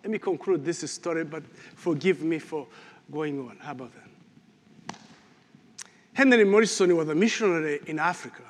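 A man preaching a sermon and closing prayer, telling a story with animated swings from loud to hushed. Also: on the high side, normal speed, long pauses, a little hiss or hum. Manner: animated storytelling, rising loud then dropping to near whisper. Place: church. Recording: reverberant church hall.

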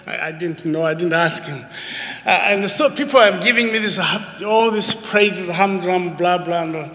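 A man in his fifties preaching a sermon as a guest preacher, excitable and emphatic with folksy asides to the congregation, in a church. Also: high-pitched, normal speed. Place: church sanctuary. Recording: long church hall reverb.

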